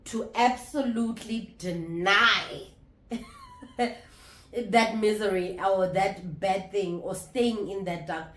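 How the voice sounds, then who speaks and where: A woman in her thirties talking candidly to camera in a casual vlog, reflective and halting, often restarting her sentences. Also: mid-range voice. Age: 30s. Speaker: vlogger. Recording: roomy echo.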